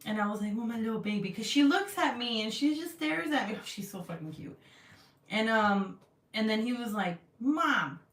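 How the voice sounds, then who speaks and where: A woman's voice: fairly high pitch, normal speed. Chatty woman in an echoey room. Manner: chatty, lots of fillers, animated when quoting others. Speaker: vlogger. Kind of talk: casual chat to camera. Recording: echoey room, voice a bit far from mic.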